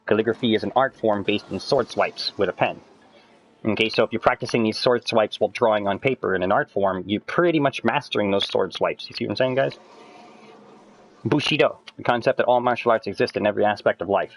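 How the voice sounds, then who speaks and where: A man talking fast and pressing on, explaining his theory to friends over a game stream, with a faint hiss on the line. He swears freely and his pitch shoots upward whenever he gets excited. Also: poor audio. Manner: lecturing, excitable, swears a lot, voice climbs when worked up. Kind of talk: casual chat with friends while gaming.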